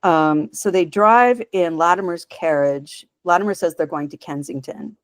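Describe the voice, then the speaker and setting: A woman's voice: lowish voice, moderate pace, dry recording. Laughing woman recapping a show. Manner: animated, laughs often, retells scenes. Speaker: podcast co-host. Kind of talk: casual chat recapping an episode.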